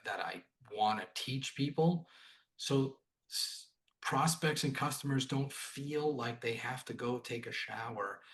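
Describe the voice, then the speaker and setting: A man, a sales trainer guest on a podcast, telling stories in a casual, animated way and acting out the dialogue. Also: medium pitch. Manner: animated, acts out quoted dialogue, repeats "right?". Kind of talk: casual interview storytelling.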